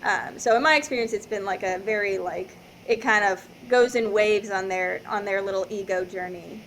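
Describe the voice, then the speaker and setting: A woman's voice: mid-range voice, moderate pace, fairly bright tone, slight background noise, rough recording. A woman dive instructor joining a casual round-table chat, rambling and hesitant and saying "like" constantly. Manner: rambling, hesitant, heavy use of "like".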